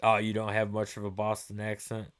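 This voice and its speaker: A man's voice: lowish voice, completely flat delivery, fairly quick. A middle-aged man hosting a livestream, chatting loosely with viewers, swearing freely and laughing easily. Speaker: livestream host. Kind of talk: casual chat answering viewer comments.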